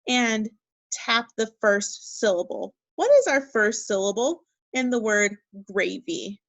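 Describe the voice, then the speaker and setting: A woman teaching a second grade phonics lesson, speaking slowly and encouragingly and spelling words out letter by letter. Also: on the high side, fairly bright tone, no room sound, poor audio. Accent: Minnesota. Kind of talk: recorded remote phonics lesson.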